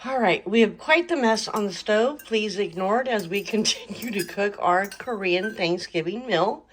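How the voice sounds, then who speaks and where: A woman's voice: mid-range voice, moderate pace, a little hiss or hum. Middle-aged woman, home cooking vlog host, enthusiastic casual chatter. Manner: chatty, enthusiastic, talks with mouth full. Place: home kitchen.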